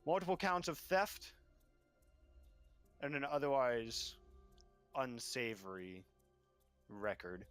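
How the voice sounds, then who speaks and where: A man's voice: mid-range voice, takes it slowly, long pauses, fairly bright tone, clean tone, soft background music. A man voicing a stern male city magistrate in a tabletop game, formally reading out charges and sentences.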